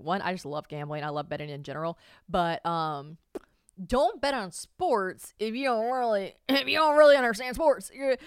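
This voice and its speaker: A woman's voice: medium pitch, fairly bright tone, dry recording, studio quality. A young woman hosting a podcast, chatting casually and animatedly, swearing freely. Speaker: podcast host. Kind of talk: casual chat.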